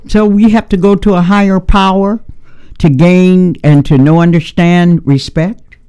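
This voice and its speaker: A man's voice: sits high, steady tone, a little slow, warm tone, smooth. A man hosting a talk radio conversation, speaking in an emphatic, preachy way and asking rhetorical questions. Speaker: radio show host.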